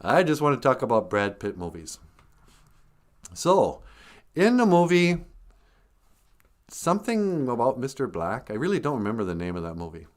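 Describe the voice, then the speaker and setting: A man's voice: medium pitch, sing-song, normal speed, pauses often. An older man hosting a casual livestream, greeting viewers and telling joking stories with frequent chuckles. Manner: joking, storytelling, chuckles often. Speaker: livestream host.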